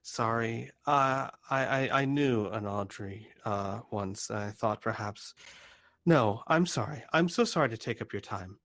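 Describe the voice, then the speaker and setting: A man's voice: lowish voice, fairly bright tone. A man playing a polite male journalist who stumbles and apologizes often in an online tabletop game. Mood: apologetic. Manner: halting, over-apologetic.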